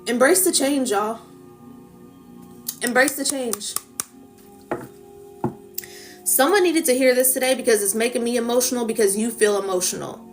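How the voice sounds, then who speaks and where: A woman's voice: on the high side, fairly quick, music in the background. A woman giving a spiritual collective reading in a casual, coaxing manner, often checking in with "okay?" and "right?". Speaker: tarot reader.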